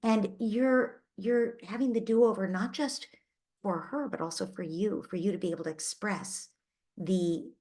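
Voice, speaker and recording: A woman with a mid-range, slightly mellow voice and fairly even intonation hosts a parenting Q&A, speaking a little slowly. She reassures and empathizes as she answers a parent, thinking aloud and restarting herself in small ways.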